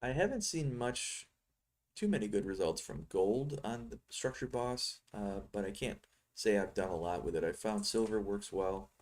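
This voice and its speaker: A man's voice: fairly low pitch, lively intonation, normal speed, darkish tone. A middle-aged man giving rambling, teasing live commentary on his trading screen, thinking aloud as he goes. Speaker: futures trading software seller.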